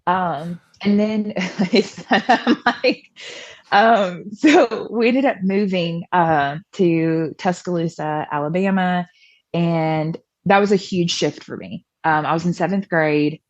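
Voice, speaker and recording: A young Southern American woman, chatty and self-deprecating, tells her personal story as a podcast guest and acts out conversations from her past. Her voice sits on the low side and she speaks slowly. The audio is dull, with no room sound.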